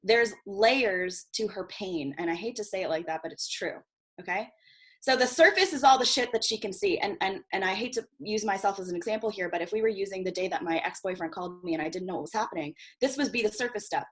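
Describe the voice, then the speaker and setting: A woman's voice: medium pitch, animated, quick pace. Chatty woman teaching an online workshop. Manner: chatty, swears casually, checks in with "okay?" often. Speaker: guest marketing coach.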